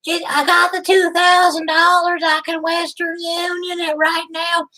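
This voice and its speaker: Give me a weepy, lovesick woman with a very high voice, as a man puts her on. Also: little pitch movement, measured pace, sharp tone, heavily acted, low-quality recording. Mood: doting gullible. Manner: doting, tearful, naive sweet-talk. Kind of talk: prank call role-play.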